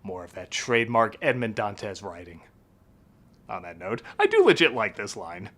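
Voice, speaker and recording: A male critic narrating a comedic movie review with sarcastic, animated asides. His pitch swings wildly, and his tone is bright and sharp. Faint music plays underneath. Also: moderate pace. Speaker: film critic.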